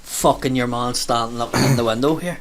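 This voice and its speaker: A man's voice: medium pitch, fairly quick, slight background noise. Man telling a swear-filled story. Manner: animated, swearing storyteller who acts out quoted voices. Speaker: comedian, podcast co-talker. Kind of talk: casual chat, storytelling.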